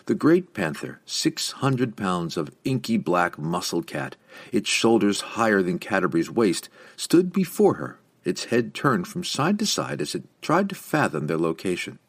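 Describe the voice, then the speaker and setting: A man narrating a fantasy novel as an audiobook, with expressive storytelling. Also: on the low side, unhurried, breathy edge. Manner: expressive storytelling with lively inflection.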